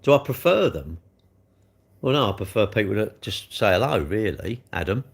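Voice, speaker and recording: A man's voice: on the low side, very animated, moderate pace, gravelly, husky. An older man, hosting a casual livestream, chatting in a rambling, blunt way while he answers viewer comments. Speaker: livestream host.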